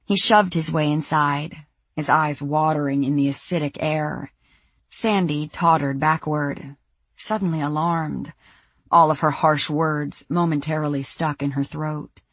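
A woman narrates a thriller audiobook in a husky, low voice. Her pace is slow and measured, with tension underneath. The sound is dry and close. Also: fairly even intonation, dry recording. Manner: measured, tense storytelling.

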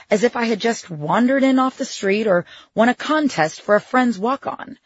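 A woman's voice: on the high side, lively intonation, moderate pace, husky, no echo, dull audio. A woman reading her own memoir in the first person, with a wry, sardonic edge to her asides. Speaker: memoir narrator.

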